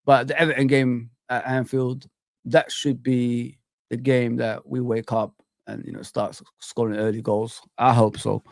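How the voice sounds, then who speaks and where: Chill dude doing a live footy stream, slangy, dry close mic. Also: male voice, mid-range voice, level tone, unhurried, creaky, no room sound. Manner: chatty and laid-back, slangy, shouting out viewers. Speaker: football channel host. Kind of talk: casual live-stream commentary.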